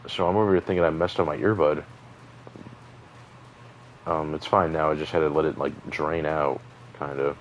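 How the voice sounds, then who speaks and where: Young dude with a real low voice just rambling about his day while gaming, faint noise behind. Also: fairly even intonation, moderate pace, long pauses, poor audio. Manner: chatty, rambling, lots of fillers and asides. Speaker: gaming streamer. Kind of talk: rambling story while playing a game.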